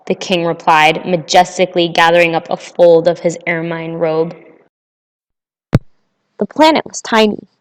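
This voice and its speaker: A woman narrating a storybook audiobook in a measured, unhurried way. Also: fairly low pitch, steady tone, clean tone. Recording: long reverb.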